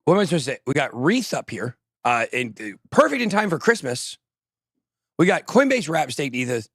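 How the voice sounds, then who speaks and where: Hosting a crypto show, this man chats casually, cracking jokes at his own expense and wandering off on tangents as he reads the news. His voice is a little high and very animated, at a normal speed with a slightly bright edge. The studio-quality recording has no room sound.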